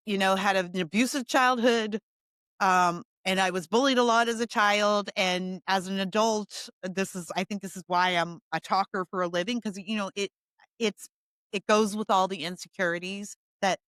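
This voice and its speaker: A woman's voice: medium pitch, a bit bright, no echo, clean studio sound. A woman hosting a podcast, giving a blunt, fired-up opinion monologue full of emphatic repetition. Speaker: podcast host.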